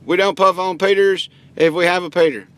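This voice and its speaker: A man voicing a folksy, gruff and prudish redneck truck-shop owner, who gives blunt deadpan answers with lots of country slang in a lowered, drawling voice. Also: brisk. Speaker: online video creator answering viewer questions. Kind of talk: comedy character bit.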